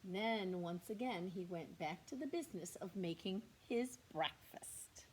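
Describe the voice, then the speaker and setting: A woman teacher reading a picture book aloud to young children, slow and expressive, with whispered asides to the class. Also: on the low side, a little hiss or hum. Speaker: kindergarten teacher.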